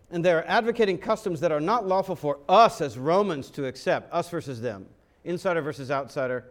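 A man preaching a sermon, dramatic and full of rhetorical questions, sometimes acting out other voices. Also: fairly high pitch. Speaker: pastor.

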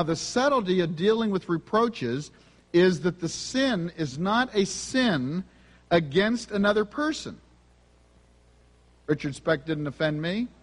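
A man's voice: high-pitched, big-room sound. A man preaching a sermon, telling personal stories in an earnest, conversational way. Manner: earnest, conversational, self-confessing. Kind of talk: sermon storytelling.

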